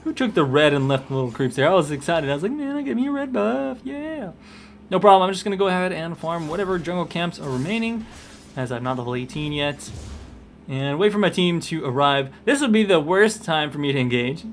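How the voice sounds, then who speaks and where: A man's voice: fairly high pitch, quick pace. Upbeat young man commenting gameplay. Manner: upbeat, excitable, chatty with fillers. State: hiccuping. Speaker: gaming commentator.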